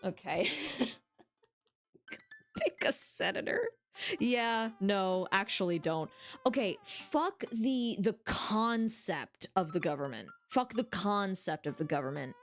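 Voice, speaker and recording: A woman's voice: medium pitch, animated, a little slow. A young woman streamer giving casual, joking game commentary, giggling often and swearing freely, over faint music.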